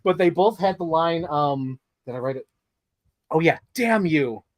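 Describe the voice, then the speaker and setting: A man with a slightly high voice chats about films on a podcast, animated and quick to laugh, and he slips into little impressions of movie lines. The sound is close and dry, with no room around it. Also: dry recording. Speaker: podcast co-host. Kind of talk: casual film discussion.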